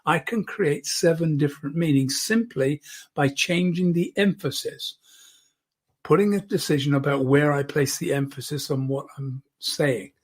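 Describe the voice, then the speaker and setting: A man with a slightly high, husky voice gives an online lesson on public speaking. He speaks close to a microphone and often demonstrates by dropping to a soft, intimate voice. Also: measured pace.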